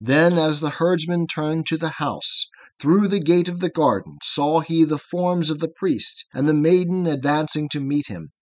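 A male audiobook narrator reads a long poem aloud, following its rolling metre in a steady, measured way. His voice sits a little higher than most men's. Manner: measured, rhythmic verse reading.

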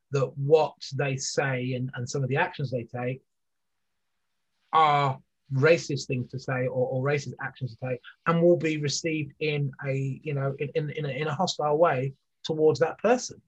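Husky man, rambling and muffled. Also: mid-range voice. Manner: rambling, many restarts and fillers. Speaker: guest, business leader. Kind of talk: conversational interview.

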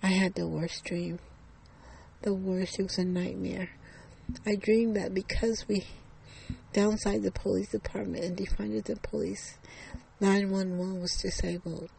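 A storyteller voicing a frightened mother with grown daughters, talking with a gravelly edge. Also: medium pitch, fairly even intonation, measured pace, darkish tone, slight background noise, voice pushed up, poor audio. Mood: shaken. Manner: shaky then earnest and pleading.

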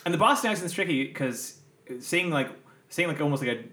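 A man's voice: a little high, animated, brisk, sharp tone. A man, a podcast guest, chatting casually and riffing mock-seriously about accents. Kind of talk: casual joking chat. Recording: roomy echo.

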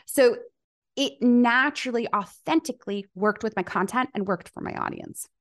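A middle-aged woman with a slightly high voice speaks as a business coach and podcast guest. She talks in an easy, conversational way. She acts out the dialogue of people in her stories. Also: moderate pace. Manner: animated storyteller, acts out quoted dialogue. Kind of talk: conversational interview.

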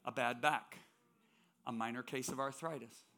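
A guest preacher in a church tells personal stories emphatically throughout his sermon. He has a mid-range, pushed and bright voice, keeping a steady tone at a moderate pace.

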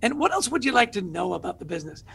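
Energetic male guest author with a high, gravelly voice, animated storyteller. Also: racing. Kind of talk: interview conversation.

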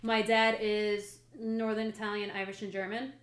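A woman's voice: medium pitch, level tone, normal speed, crowd noise. A young adult woman telling stories in a brash, profane, casual way as a guest in a chat. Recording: echoey room.

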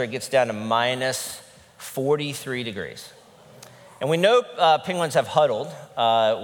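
A male pastor preaching a conversational sermon, earnest and candid, his voice sometimes breaking with emotion. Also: medium pitch. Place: church sanctuary. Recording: long reverb in a large hall.

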